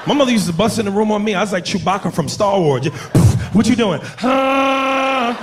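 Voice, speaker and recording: A man doing a profane stand-up comedy routine with loud impressions on a club stage. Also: sits high, racing. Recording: live club with loud crowd and noise. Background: audience laughter.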